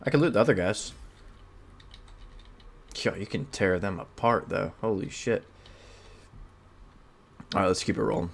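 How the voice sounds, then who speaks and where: A man's voice: on the low side, a little slow, creaky, long pauses. A man giving casual let's-play commentary while gaming, laughing often, swearing and reacting with surprise. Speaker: gamer playing a video game.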